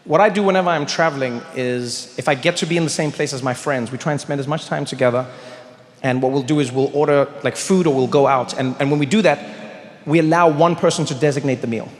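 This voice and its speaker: A man from South Africa doing a stand-up routine, telling a story in an animated way and building up to excited shouts. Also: a little high, fast talker. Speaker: stand-up comedian. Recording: echoey hall with long reverb.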